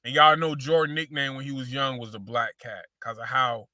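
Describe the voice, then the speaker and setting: Bright-voiced man doing slangy sneaker talk. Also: medium pitch, steady tone, brisk, dry recording, studio quality. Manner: slangy, repeats phrases, addresses viewers as y'all. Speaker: sneaker show host. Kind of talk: casual sneaker commentary.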